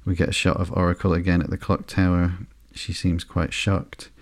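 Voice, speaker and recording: A man with a very low, gravelly voice hosts a sleepy podcast, walking through a comic slowly with plenty of ums and uhs. His delivery stays almost flat, with very little rise and fall. The sound is close and dry. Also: no room sound. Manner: slow, flat and unhurried, with frequent ums and uhs. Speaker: podcast host.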